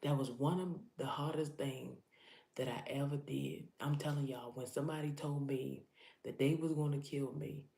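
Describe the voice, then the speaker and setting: A woman's voice: very deep voice, fairly even intonation, moderate pace, creaky, dark tone, reverberant. A woman giving an impassioned preaching vlog, talking urgently to her listeners and repeating herself for emphasis. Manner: urgent, repetitive, addresses listeners directly. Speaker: motivational preacher.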